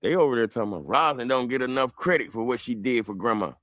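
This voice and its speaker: A man with a Southern American accent telling a heated family story on a livestream, rambling and swinging between loud and quiet. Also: mid-range voice, fast talker, no echo. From southern United States. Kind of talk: animated livestream monologue.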